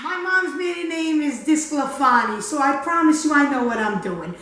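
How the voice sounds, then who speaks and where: A woman's voice: high voice, animated, moderate pace, noisy background. A woman putting on a brash Italian-American cook. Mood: boastful. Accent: put-on Italian-American. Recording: echoey room, mic at a distance.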